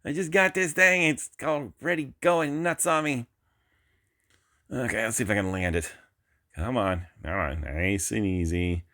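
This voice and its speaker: A man's voice: lowish voice, measured pace, fairly bright tone. A man giving live, frustrated self-talk as he flies a drone, exclaiming often. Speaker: drone hobbyist vlogger. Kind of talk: live commentary while flying.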